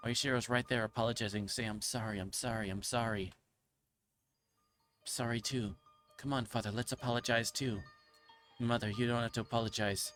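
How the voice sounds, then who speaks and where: A man's voice: mid-range voice, steady tone, brisk, fairly bright tone, faint music behind, lightly acted. A man streamer reading aloud as a delirious, guilt-ridden young girl, repeating himself in anguish and stumbling over a few words. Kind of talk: dramatic reading of game text.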